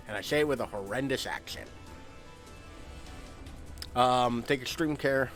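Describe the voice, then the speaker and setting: A man's voice: medium pitch, unhurried, pauses often, a bit bright, faint music behind. A young man from the United States giving rambling, self-mocking commentary while he streams a game. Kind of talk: casual gameplay commentary.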